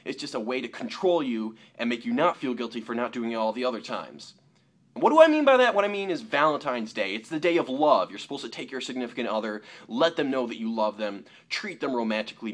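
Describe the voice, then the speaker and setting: A young man delivers an opinion vlog with a lively, swinging pitch. He argues his point at length and imitates the people he disagrees with in a lower, mocking tone. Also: fairly quick. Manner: animated, mocking quotes in a lower voice. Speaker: YouTuber.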